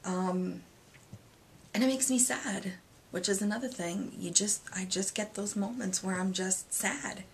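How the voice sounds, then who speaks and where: A woman's voice: mid-range voice, a little slow, slight background noise. Candid rambling woman in her thirties. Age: 30s. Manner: rambling, candid, hesitant with many fillers. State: emotional, near tears at moments. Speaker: vlogger. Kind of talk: personal confessional vlog.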